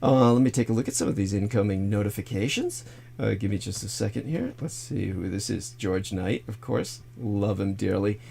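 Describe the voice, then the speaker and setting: A man's voice: fairly low pitch, moderate pace, gravelly, mellow, a little hiss or hum. A man hosting a livestream, talking in a casual, digressive monologue full of crude jokes and asides. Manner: irreverent, jokey, crude asides; loose and digressive, many fillers. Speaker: livestream host.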